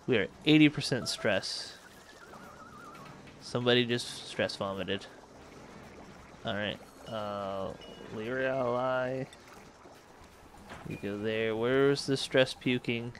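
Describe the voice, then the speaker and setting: A man's voice: medium pitch, slow pace, pauses often, slight background noise. A man hosting a let's play, thinking aloud and correcting himself as he manages a space colony game. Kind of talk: casual gameplay commentary.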